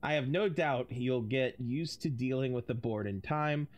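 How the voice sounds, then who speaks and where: Guy doing a polite older business type in a fake british accent, kinda quick and formal. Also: mid-range voice, lightly acted. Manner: brisk, formal letter-reading.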